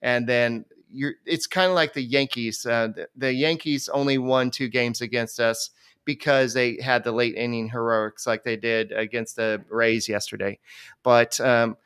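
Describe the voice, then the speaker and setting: Man, very clear smooth voice, dry sound, casual podcast co-host. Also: mid-range voice, fairly even intonation, unhurried, fairly bright tone, no echo. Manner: rambling, many fillers and restarts. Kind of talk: casual sports chat.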